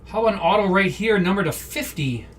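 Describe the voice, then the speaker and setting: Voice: mid-range voice, expressive, fast, far from the mic, slight background noise. Chatty card-break host from Wisconsin. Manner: chatty, rambling, easily amused. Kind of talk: live-stream casual chat. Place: indoor room.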